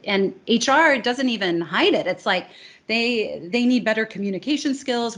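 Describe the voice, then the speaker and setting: Emphatic American woman speech coach. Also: mid-range voice. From United States. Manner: emphatic, earnest, building points in lists. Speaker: guest, speech coach and academy founder. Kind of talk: conversational interview.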